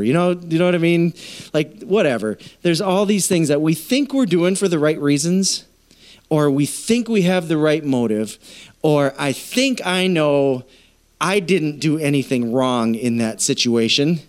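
In a church, a pastor preaches a sermon directly to his congregation. His voice is a little high and clean, and he keeps a moderate pace while telling stories and acting out quoted voices in a casual, conversational way.

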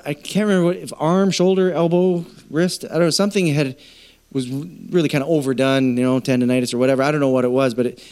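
A man's voice: medium pitch, darkish tone. A man preaching a sermon to his congregation, telling stories and acting out quoted voices in a casual conversational way. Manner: addresses congregation directly. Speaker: pastor. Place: church.

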